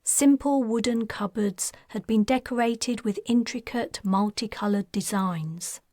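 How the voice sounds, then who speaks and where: A woman narrating her own science fiction audiobook in a measured, even way on a close studio mic. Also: on the high side, dry recording.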